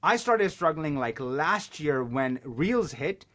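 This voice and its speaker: A man talking as a podcast guest, telling stories in an animated way and swearing casually. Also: on the high side, slow. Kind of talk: casual chat.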